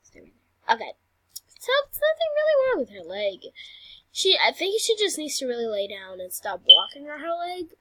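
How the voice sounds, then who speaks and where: A woman's voice: high-pitched, huge pitch swings, moderate pace, bright, forceful tone, no room sound. A woman chatting through a game role-play, often dropping into whispered asides.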